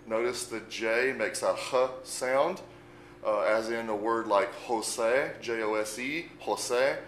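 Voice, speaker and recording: Man, language teacher, slow and patient, spells words aloud, roomy echo. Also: medium pitch, fairly bright tone, slight background noise. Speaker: Spanish teacher. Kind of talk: unscripted language lesson.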